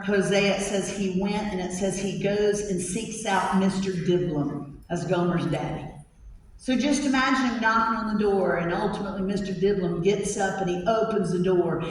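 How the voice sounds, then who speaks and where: A woman preacher telling a lively, humorous story to a large gathering. Her voice rings through a big hall and is heard from well back, with a long reverb tail. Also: mid-range voice, slight background noise. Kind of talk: storytelling sermon. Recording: echoey hall from far off.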